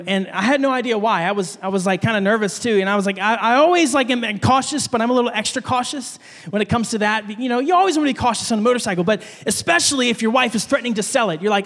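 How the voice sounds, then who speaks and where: A pastor in his young adult years preaches to his congregation in a chatty, storytelling way, switching into a fretful voice whenever he acts out what went through his head. His voice sits very high for a man, and it rings out with the long reverb of a church sanctuary. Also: rapid-fire. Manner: animated storytelling, acting out his own panicked thoughts. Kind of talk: conversational sermon with personal story.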